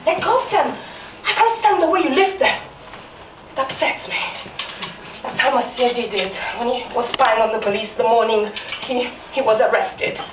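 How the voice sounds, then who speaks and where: Her voice fairly high, expressive and natural at a moderate pace, an actress performs live as a fierce, scornful young maid full of bitterness and resentment. She's sarcastic and mocking, breaking into sudden outbursts, recorded by a distant room mic in an echoey small theatre with faint noise.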